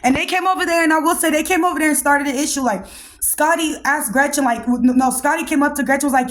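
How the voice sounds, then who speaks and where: A woman in her thirties recapping a reality show on her podcast, blunt and animated, with plenty of slang. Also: high-pitched, quick pace. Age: 30s. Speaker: podcast host.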